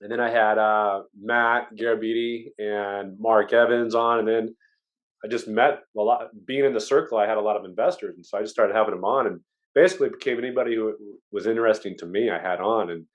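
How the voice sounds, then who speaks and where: Man telling lively stories. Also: fairly low pitch, a little fast, muffled recording. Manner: lively storyteller who acts out quotes. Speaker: podcast guest. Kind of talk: casual chat.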